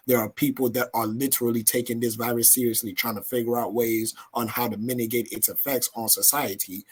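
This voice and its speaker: A man co-hosting a podcast, with a husky, slightly rough voice. He speaks bluntly and forcefully and swears often. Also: on the low side. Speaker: podcast co-host. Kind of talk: casual opinion talk.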